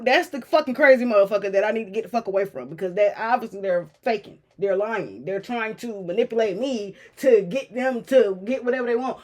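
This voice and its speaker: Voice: mid-range voice, expressive, brisk. A reaction video host talking casually and cursing a lot, getting irritated and mimicking the people in the clip. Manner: profane, exasperated, repeats clip lines aloud; mocking impressions of people in the clip.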